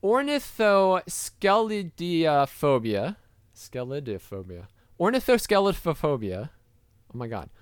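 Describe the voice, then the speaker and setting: A man's voice: high voice, big pitch swings, moderate pace, fairly bright tone, dry recording, studio quality. A man hosting a casual comedy podcast, playful and often laughing mid-sentence. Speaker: podcast host.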